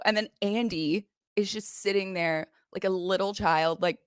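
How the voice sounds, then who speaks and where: A young woman hosting a casual recap show, retelling scenes in a gossipy, animated way. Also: mid-range voice, normal speed, clear, resonant tone, dry recording, studio quality. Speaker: recap podcast host. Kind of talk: casual chat. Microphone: desk microphone.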